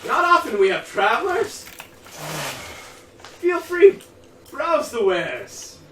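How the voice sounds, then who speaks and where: A man voicing a small, disheveled halfling shopkeeper who shouts an eager welcome with laughter, in a tabletop game. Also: extremely high pitch, very animated, slow, pitched above the performer's own voice, heavily acted. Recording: echoey room, distant mic, noisy.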